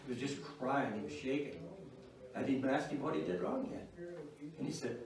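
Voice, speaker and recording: A man's voice: mid-range voice, a little fast, vocal fry, long pauses, a crowd in the background. Older man teaching in an echoey hall. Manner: folksy, wry, chuckles at his own stories. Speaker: Bible class teacher on parenting. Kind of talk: informal church class talk. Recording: echoey room, mic far off.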